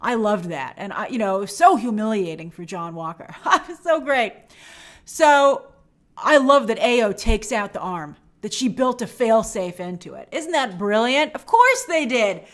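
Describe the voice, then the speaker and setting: An enthusiastic woman hosts a review show and talks through a TV episode in a casual, chatty way. Her voice sits a little high and moves up and down a lot, full of animation. Now and then she jumps into a character's line before going back to her own commentary. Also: big pitch swings. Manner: enthusiastic, chatty, acts out characters' lines in quick asides. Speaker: film and TV review show host.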